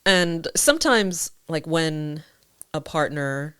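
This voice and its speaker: A woman's voice: low voice, lively intonation, slow, a bit bright, smooth, dry recording. A woman hosting a podcast in casual chat, who laughs often and talks with animation. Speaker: podcast host.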